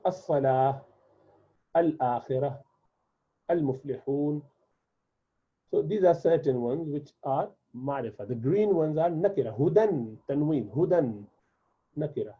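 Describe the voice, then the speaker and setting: A man whose first language is Urdu gives a patient beginner's lesson, repeating each word slowly so learners catch it. His voice sits a little high with a breathy, husky edge. The sound is thin and tinny, like a phone line. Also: lively intonation. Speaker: Arabic teacher. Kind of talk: classroom lesson explanation.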